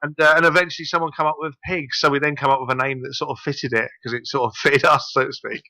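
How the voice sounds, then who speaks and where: A man's voice: medium pitch, steady tone, fast, bright, forceful tone, no room sound, poor audio. A man with a southern English accent, a radio guest talking about his paranormal group in a chatty, rambling way. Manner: chatty, self-deprecating, rambling. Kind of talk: casual radio interview.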